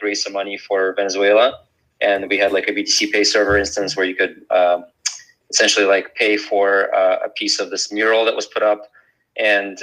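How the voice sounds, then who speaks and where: A man speaking in an easygoing way on an audio chat app stream. His voice is low and even in pitch with a bright tone. He leans on fillers like uh and like. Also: low-quality recording. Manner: relaxed, filler-heavy. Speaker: guest speaker. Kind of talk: casual chat.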